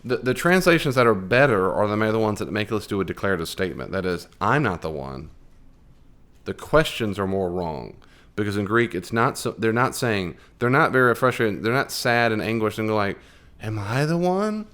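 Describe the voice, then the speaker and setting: A fairly low-voiced American man runs a relaxed Bible study, speaking at normal speed with lively intonation and a fairly bright tone. As he goes, he turns questions to the room and performs the verses he quotes.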